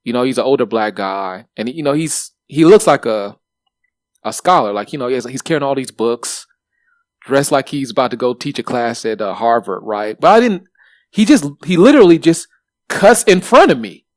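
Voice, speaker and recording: A man in his thirties co-hosting a podcast, telling stories in a lively way with plenty of swearing and fillers. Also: mid-range voice, normal speed, no room sound, studio quality. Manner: animated, swears freely, lots of fillers. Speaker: podcast co-host. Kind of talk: casual chat, storytelling.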